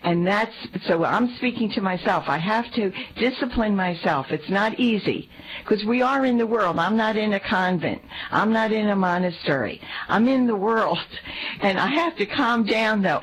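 A woman's voice: mid-range voice, normal speed, slightly rough, poor audio. A woman sharing an earnest faith reflection with a priest, often repeating and restarting her words. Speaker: lay speaker in talk with a priest.

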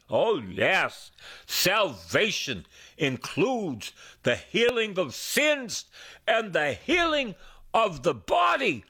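Slow, lively-voiced male preacher. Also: husky. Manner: slow, sweeping pitch swings with emphatic repetition. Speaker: priest. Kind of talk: sermon.

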